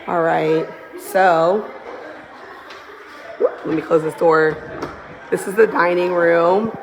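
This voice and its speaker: A hoarse woman, a real estate agent showing a house on a live phone video, gushing as she walks through it. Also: fairly low pitch, steady tone, takes it slowly, slight background noise. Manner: gushing, enthusiastic, repeats "beautiful" and "I love". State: hoarse, lost voice. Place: walking through a large house, indoors and out. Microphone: handheld phone camera.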